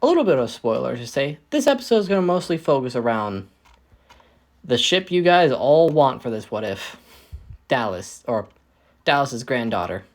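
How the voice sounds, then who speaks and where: Guy rambling thru a fanfic story, lively pitch, keeps fixing himself. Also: moderate pace. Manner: rambling, self-correcting. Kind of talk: casual improvised story narration.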